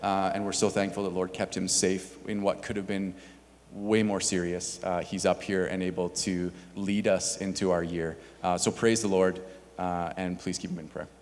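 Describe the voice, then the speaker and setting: Low-voiced man giving church announcements. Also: flat delivery, normal speed, darkish tone, slight background noise. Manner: casual, many filler words. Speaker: church staff pastor. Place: church sanctuary. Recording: long hall reverb.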